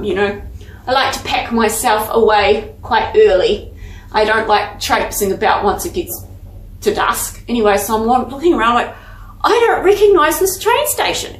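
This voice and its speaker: An Australian woman with a fairly high voice tells a story to her viewers in a chatty, self-deprecating way. Her speech is casual, and she addresses the audience as "guys." The recording carries a roomy echo. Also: slight background noise. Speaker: vlogger and author.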